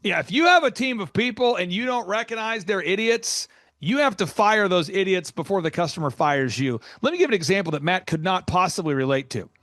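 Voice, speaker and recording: A man hosting a business podcast, telling stories in an animated, sarcastic way with big swings in pitch. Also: a little fast, dry recording, studio quality. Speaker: podcast host.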